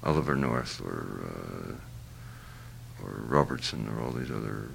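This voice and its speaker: Older man with a very deep, gravelly voice. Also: slight background noise. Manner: halting, searching for words, many fillers and restarts. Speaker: interviewee. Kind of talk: reflective interview answer.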